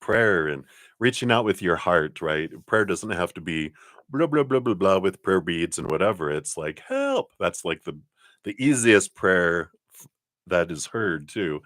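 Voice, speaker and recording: A man's voice: deep voice, lively intonation, unhurried, no room sound, studio quality. A man giving tarot readings on a live stream, rambling with many fillers. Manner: rambling, warm spiritual talk with fillers and laughs. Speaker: tarot reader.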